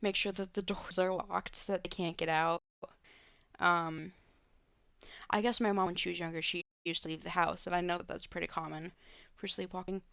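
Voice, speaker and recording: A woman's voice: on the low side, flat delivery, normal speed, creaky, a bit bright, clear, resonant tone, no room sound. A woman streamer at home, answering viewer questions in a loose, rambling way with many fillers and restarts. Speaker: live streamer. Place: home room.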